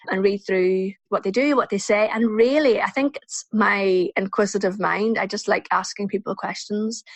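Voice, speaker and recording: A woman's voice: medium pitch, no echo. Northern irish lady chatting on her podcast, dry close mic, laughs a lot. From Northern Ireland. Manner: chatty, warm-hearted, laughs often. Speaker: podcast host. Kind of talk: solo podcast answering listener questions. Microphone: USB desk microphone.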